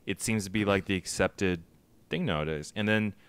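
A man chiming in on a casual conversation in a relaxed way. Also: on the low side, moderate pace, clear, resonant tone, no room sound. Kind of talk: casual chat.

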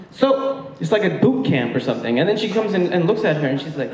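High-voiced young comic on stage. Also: male voice, very animated, fast talker, darkish tone. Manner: chatty, storytelling, with many fillers. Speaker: stand-up comedian. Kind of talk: stand-up comedy set. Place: comedy stage with a live audience. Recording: echoey venue from far off, faint noise.

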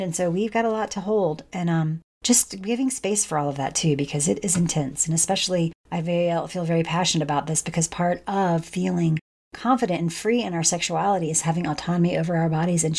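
A woman hosts a podcast, her voice sitting a little low. She introduces her guest with effusive, meandering praise, circling back on her words. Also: brisk, darkish tone. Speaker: podcast host. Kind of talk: podcast interview.

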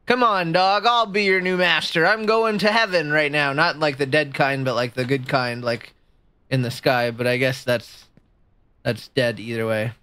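A woman streaming a video game, chatting casually with her viewers and jumping into a high, squeaky voice when she gets excited or nervous. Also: normal speed, clear, resonant tone, no echo. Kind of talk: casual gameplay commentary.

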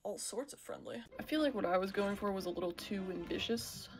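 A female gaming YouTuber plays horror video games and jokes her way through, often yelping and exclaiming when something startles her. Her voice is medium-pitched, expressive and fairly quick. Game music plays behind her.

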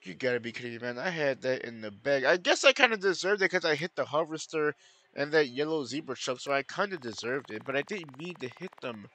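A man giving live gameplay commentary, excitable, swearing and yelling at his opponents. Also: mid-range voice, fairly quick. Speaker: gaming channel host.

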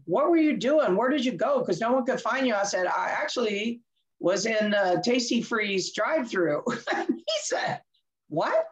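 A woman guest tells a candid story from her own life in an animated way. She laughs often and acts out both sides of the dialogue. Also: mid-range voice, muffled recording. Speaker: interview guest.

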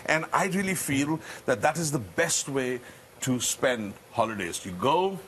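Man, chef guest, enthusiastic, quick while explaining, faint studio hum, lapel mic. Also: medium pitch, animated, fairly bright tone. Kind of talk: casual chat while cooking. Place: indoor TV studio kitchen.

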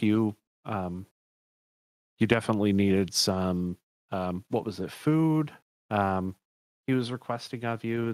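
Game master, male, low voice, dry close sound, rambling descriptions that correct themselves. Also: dry recording. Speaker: dungeon master. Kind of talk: narrating a tabletop game.

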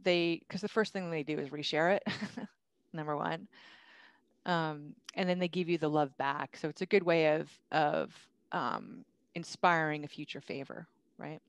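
Woman founder, casual and upbeat, laughs a lot, lower voice, dry recording. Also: steady tone, unhurried, creaky, clean tone, no echo. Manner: upbeat, chatty, laughs often. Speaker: guest speaker, company founder. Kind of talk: casual webinar presentation.

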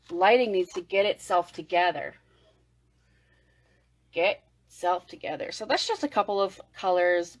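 A woman vlogging a makeup unboxing livestream, gushing and excitable, sometimes dropping to a whisper. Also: on the low side, unhurried, long pauses, no echo, low-quality recording. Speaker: beauty vlogger.

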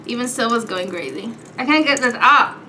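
A woman's voice: a little high, expressive, moderate pace, bright, forceful tone, slight background noise. A young woman vlogging casually at home, playful and sassy, calling her viewers darlings and girls. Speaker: beauty vlogger. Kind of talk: casual chat.

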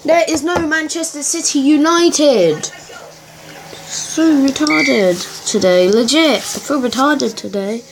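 A woman chats through a football video game at an unhurried pace, her higher voice jumping between cheers and quiet mutters. Steady background noise sits under the noisy home recording. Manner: excitable, chatty, swings between cheers and mutters. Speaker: gaming channel host. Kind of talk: live gameplay commentary.

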